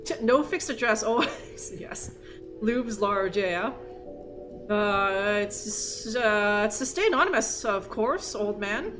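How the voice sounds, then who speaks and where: Her medium-pitched voice is expressive, and she takes things slowly as she livestreams a game with music playing behind her. The young woman rambles, swears, and keeps interrupting herself while playing.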